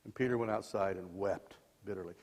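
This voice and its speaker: A man in his sixties preaching a sermon as dramatic storytelling, swinging between loud and soft passages, in a church sanctuary. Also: low-pitched, brisk. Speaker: lay preacher. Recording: long church reverb.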